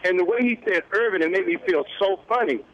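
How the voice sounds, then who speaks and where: A man in his fifties with a fairly high voice tells a story to a talk show host, acting out each person's lines. He sounds lively and chatty. The broadcast audio is a little dull and muffled. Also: fast talker. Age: 50s. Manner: animated, acts out quoted dialogue. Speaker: morning show guest. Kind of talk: casual interview storytelling.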